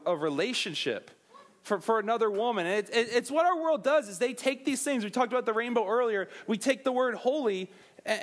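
A man's voice: very high-pitched, a bit bright. A young man preaching a sermon to a youth group in a casual, joking way, calling the listeners guys.

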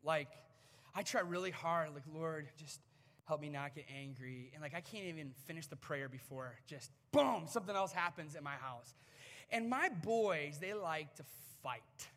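A man in his thirties preaching to a congregation from a stage microphone, talking in a conversational, animated way with touches of humor. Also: a little high, moderate pace. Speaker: pastor. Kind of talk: sermon. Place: church sanctuary before a congregation. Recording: reverberant church hall.

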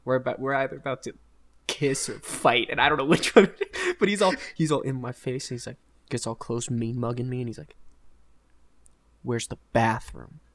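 A young man hosting a podcast, telling a college story in a casual, rambling, animated way with frequent laughter. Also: mid-range voice, a little fast, heavy background noise. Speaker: podcast host.

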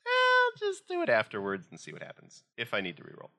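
A man's voice: mid-range voice, wildly swooping pitch, fast, sharp tone. A man playing a tabletop game, chatty and self-mocking about his dice rolls. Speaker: player. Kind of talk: casual tabletop game chat.

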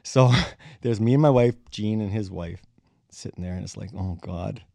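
Man, middle-aged, musician guest, animated storyteller, acts out quotes, fairly low voice, dry close sound. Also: normal speed, vocal fry, no echo. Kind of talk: anecdotal storytelling in conversation.

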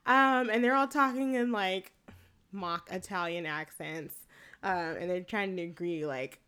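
A woman's voice: on the low side, measured pace, bright, forceful tone, clean tone. A woman in her late twenties, co-hosting a casual chat and recapping a film, laid-back, swearing freely and laughing often. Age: late 20s. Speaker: podcast co-host recapping a film.

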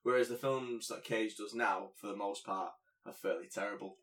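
A man's voice: on the low side, fairly even intonation, fairly bright tone. A man co-hosting a podcast, chatting casually with jokes and rambling asides. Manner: joking, rambling, quick asides. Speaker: podcast co-host. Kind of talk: casual chat.

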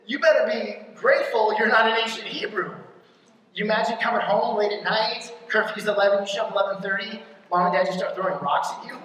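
A pastor giving a conversational sermon, often checking in with the congregation with a quick question, and punching key lines hard. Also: mid-range voice, fairly bright tone, slight background noise. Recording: very echoey hall, mic from far off.

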